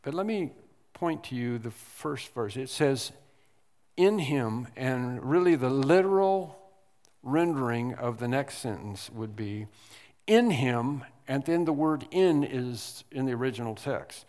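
A man preaching an expository sermon as pastor, speaking deliberately and leaning hard on single words for emphasis. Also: mid-range voice, lively intonation, a little mellow, long reverb tail. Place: church sanctuary.

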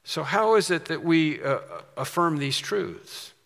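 Bright-voiced preacher in a reverberant hall. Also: male voice, on the high side, expressive, measured pace, vocal fry. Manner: earnest preaching with rising emphasis and storytelling asides. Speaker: pastor. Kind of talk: sermon.

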